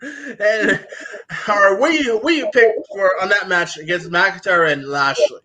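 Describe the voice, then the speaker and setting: Young guy chatting, stumbles and repeats stuff, high and bright. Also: moderate pace. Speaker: co-host. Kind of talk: casual chat.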